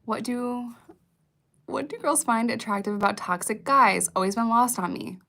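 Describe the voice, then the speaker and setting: Gravelly-voiced woman chatting on a livestream. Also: a little high, moderate pace, pushed and bright. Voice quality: frequent swearing, candid and rambling. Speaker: livestreamer reading viewer comments. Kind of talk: casual livestream chat.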